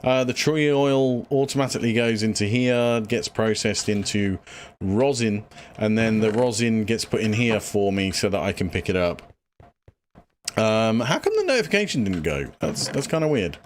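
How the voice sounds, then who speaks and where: A man's voice: fairly low pitch, animated, normal speed, a little hiss or hum. A man casually chatting through a livestream, out of breath and rambling with lots of fillers as he thinks aloud. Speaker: streamer. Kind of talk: casual gameplay livestream chat.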